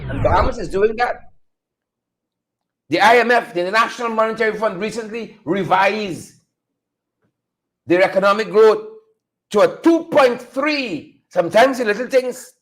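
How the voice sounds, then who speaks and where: Animated high-voiced commentator. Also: male voice, normal speed, pauses often. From Guyana. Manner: rhetorical, repeats phrases, talks straight to the audience; mocking, playful, laughs. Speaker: news commentary host. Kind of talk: animated solo political commentary.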